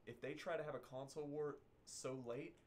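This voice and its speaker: A man in casual podcast chat, telling rambling animated stories about games he streams. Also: fairly high pitch, brisk, slight background noise.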